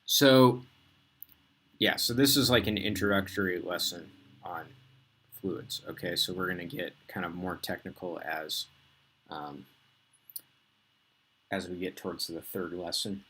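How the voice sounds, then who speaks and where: Brief: slow, low-voiced male teacher. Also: a little hiss or hum. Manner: casual, filler-heavy, relaxed explaining. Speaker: physics teacher. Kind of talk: recorded lesson.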